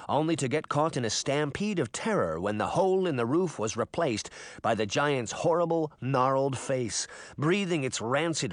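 Lively male audiobook narrator. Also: medium pitch, no echo, clean studio sound. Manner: expressive storytelling. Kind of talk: scripted narration.

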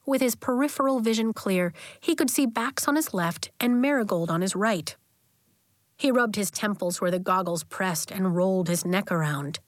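A woman narrating a children's novel as an audiobook in a gentle, even storytelling manner. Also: medium pitch, normal speed, dry recording, clean studio sound.

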